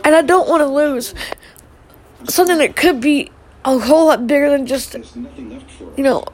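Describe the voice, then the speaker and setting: A middle-aged woman speaks in a high, fry-laced voice during a live stream. Her message to her family is emotional and halting, broken by sighs and restarts. The gravel in her voice sits under a voice pitched well above most women's. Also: a little mellow, a little hiss or hum, rough recording.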